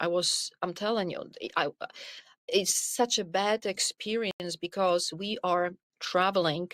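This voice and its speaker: Middle-aged woman, podcast guest, earnest and animated storyteller, close dry sound. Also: on the low side, unhurried, no echo. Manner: earnest, animated storytelling with frequent "you know". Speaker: podcast guest, wellness coach. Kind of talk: conversational interview storytelling.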